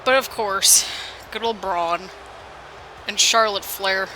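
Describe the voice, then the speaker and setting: Bright-voiced woman doing rambling game commentary. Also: medium pitch, steady tone, takes it slowly, a little hiss or hum, low-quality recording. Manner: rambling and self-deprecating, jokes about her own slip-ups. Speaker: let's play commentator. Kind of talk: casual play-by-play commentary over a video game. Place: home apartment.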